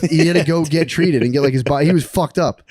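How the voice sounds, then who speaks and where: A man's voice: a little high, fast talker, no room sound. Male podcast co-host with a dry, close sound, spinning a wild story with lots of swearing and bursts of laughter. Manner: excited, profane, laughing storyteller acting out quotes. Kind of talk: casual storytelling chat.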